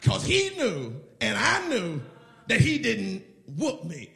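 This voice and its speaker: A middle-aged male pastor preaching in an echoey church, his voice high and bright with a gravelly edge. He delivers his sermon with emphatic, animated storytelling. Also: takes it slowly.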